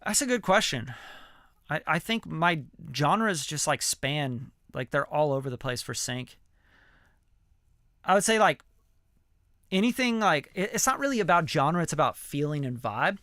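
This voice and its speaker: A man's voice: fairly high pitch, sing-song, unhurried, long pauses, bright, forceful tone, no echo, studio quality. A man, a music producer, answering viewer questions in a loose, slangy livestream chat full of fillers. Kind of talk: casual livestream Q&A.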